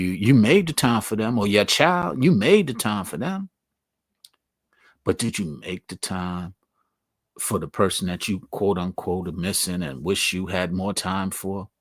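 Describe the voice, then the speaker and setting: A man's voice: on the low side, no echo, studio quality. A man hosting his own show, talking casually and earnestly to viewers and repeating his points for emphasis. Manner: casual, slangy. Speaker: host. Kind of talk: motivational talk to viewers.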